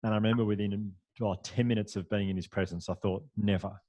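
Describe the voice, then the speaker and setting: A man, a podcast guest, telling a story in a lively, anecdotal way, with frequent restarts and fillers. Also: fairly low pitch, fast, no echo. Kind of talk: storytelling in a conversational interview.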